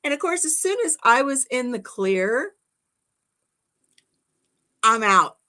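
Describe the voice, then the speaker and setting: Brief: middle-aged woman host, lively storyteller, acts out scares, laughs a lot. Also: fairly high pitch, takes it slowly. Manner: animated storyteller, acts out shrieks and whispers, laughs often. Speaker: channel host. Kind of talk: casual storytelling chat.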